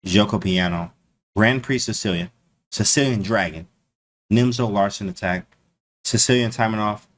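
A man streaming casually to his chat, slangy and animated, repeating his phrases. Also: fairly low pitch, normal speed, long pauses, slight background noise. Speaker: chess streamer.

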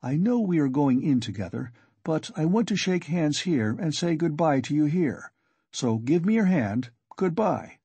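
Weak feverish young man read by a man, husky, animated pitch, dry sound. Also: measured pace, dry recording, heavily acted. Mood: tense. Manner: strained and fretful. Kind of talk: audiobook character reading.

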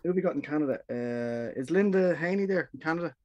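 A man's voice: fairly high pitch, lively intonation, fast talker, darkish tone, highs cut off. A friendly, informal man hosting an online gathering over a video call. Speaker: event host.

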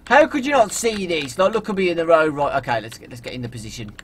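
A young man from England doing jokey, animated let's play commentary as a gaming video host, often yelling at the game. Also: fairly high pitch, fast, a little hiss or hum.

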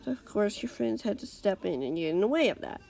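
A woman reading aloud, voicing a cold, scheming male villain who speaks calmly and menacingly. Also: medium pitch, fast, creaky, a little hiss or hum. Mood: cold taunting. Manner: calm, menacing, sometimes whispered.

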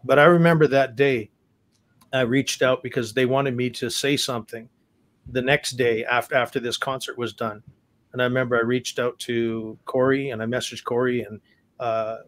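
A man from Saskatchewan, a guest musician telling stories in a casual interview, earnest and halting, often restarting and repeating words. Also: medium pitch, fairly even intonation, fairly bright tone. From Saskatchewan, Canada.

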